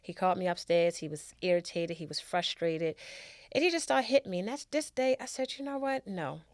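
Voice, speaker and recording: A woman with a lowish voice talks through her own story as an interview guest. She speaks haltingly, often breaking off and starting again, and leans on repetition to drive her points home. The sound is dry and close, with no room echo. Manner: halting, with restarts and emphatic repetition. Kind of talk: personal storytelling in conversation.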